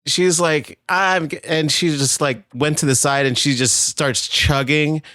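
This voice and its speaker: A man's voice: fairly high pitch, unhurried, dry recording, studio quality. Stammering man telling a story. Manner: storytelling, animated, stammering restarts. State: tired. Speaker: podcast co-host. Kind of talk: casual chat.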